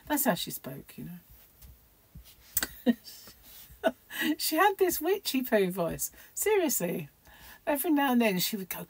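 A woman's voice: a little high, very animated, takes it slowly, pauses often, breathy edge, dry recording, rough recording. A middle-aged woman vlogging at home in a rambling, chatty, self-mocking way. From United Kingdom. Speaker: crochet vlogger. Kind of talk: casual chat to camera.

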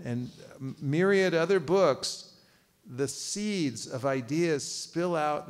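Animated man teaching a seminar. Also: a little high. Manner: lively, quizzes audience, joking asides. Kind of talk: live seminar lecture. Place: temple cultural hall.

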